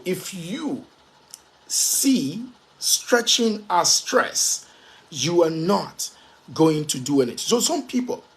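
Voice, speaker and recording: Here a motivational speaker, a man whose voice sits a bit above most men's, presses his message with emphatic force. Repetition of key phrases is his main tool, and every so often he slows to spell out a word letter by letter.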